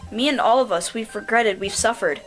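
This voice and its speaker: A woman's voice: fairly high pitch, a little fast, a bit bright, soft background music, lightly acted. Earnest, loyal boy, voiced by a woman; sincere and pleading.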